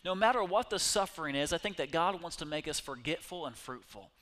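A middle-aged male pastor preaching a sermon, animated and conversational, speaking directly to his congregation. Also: fairly high pitch, fairly quick.

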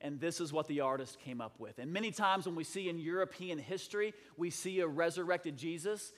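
A man preaching a sermon with a high voice, swinging from loud, impassioned calls to hushed, dramatic asides. The sound carries the long reverb of a big hall. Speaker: pastor.

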